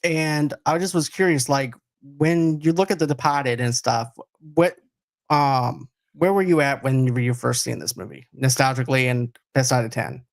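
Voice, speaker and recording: A man's voice: medium pitch, moderate pace, vocal fry, no room sound, clean studio sound. A man hosting a casual movie podcast, joking around and laughing easily as he chats with his guest. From East Boston. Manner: jokey, laughs often, loose rambling talk. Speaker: podcast host.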